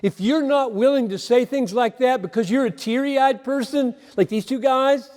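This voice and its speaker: In a high, somewhat mellow voice, a pastor delivers an earnest sermon at a moderate pace, driving points home by repeating phrases. A long reverb carries his words, as in a large hall.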